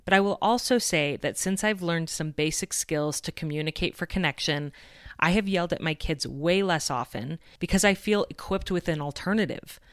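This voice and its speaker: Woman, 30s, podcast host, low voice, dry close sound, candid earnest storytelling. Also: normal speed, no room sound. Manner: candid and earnest, openly reflective. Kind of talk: personal storytelling monologue.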